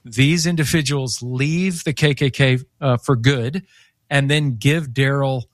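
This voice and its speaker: Man, author guest, lively storyteller, acts out voices, dry close mic. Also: mid-range voice, a little slow, dry recording. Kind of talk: faith radio interview.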